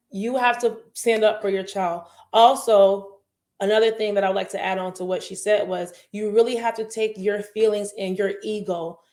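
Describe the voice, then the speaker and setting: A young woman teacher and host talking earnestly and passionately in a casual panel chat, rambling with many fillers. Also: mid-range voice.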